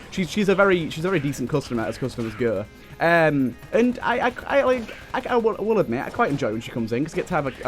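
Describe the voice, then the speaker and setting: A young British man telling a rambling story over gameplay, with lots of restarts and fillers. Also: mid-range voice. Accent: British English. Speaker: let's play host. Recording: faint game music behind the voice.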